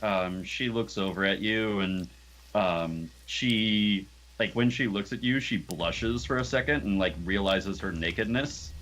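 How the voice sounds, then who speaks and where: A man narrating a tabletop game as game master, in a relaxed, casual way with lots of fillers. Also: lowish voice, unhurried, slight background noise.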